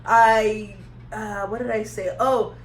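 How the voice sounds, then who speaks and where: Speaking at a medium pitch in a steady, slow manner, a young woman rambles through a casual storytime chat for her vlog, laughing and poking fun at herself. Her recording has an echoey room sound and a faint background hum.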